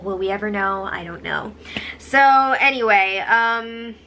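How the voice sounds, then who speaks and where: A woman's voice: mid-range voice, steady tone, unhurried, sharp tone. A young woman hosting a casual recap, chatty, with sarcastic, eye-rolling asides. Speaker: host recapping a reality show.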